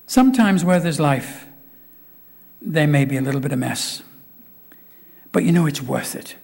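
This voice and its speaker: A man's voice: on the high side, expressive, moderate pace, vocal fry, long pauses, a little mellow, slightly rough. A man preaching as a visiting pastor in a church, emphatic and fond of repeated rhetorical questions. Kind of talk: sermon. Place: church sanctuary. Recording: long reverb of a church hall.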